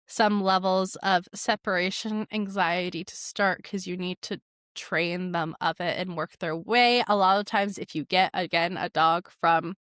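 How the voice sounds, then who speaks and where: A woman's voice: on the low side, fairly even intonation, unhurried, a bit bright, smooth, dry recording, clean studio sound. A young woman who trains dogs, chatting casually and commenting on stories she reads aloud, with lots of "like" and amused asides. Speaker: dog trainer and podcast host. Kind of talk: casual commentary reading online posts.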